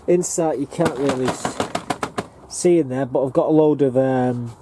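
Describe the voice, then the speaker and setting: A northern English man, an allotment gardener and vlogger, walks the camera he's holding around his plot in a rambling, plain-spoken tour. His voice is medium-pitched and warm, at a normal speed, with faint outdoor noise in the background.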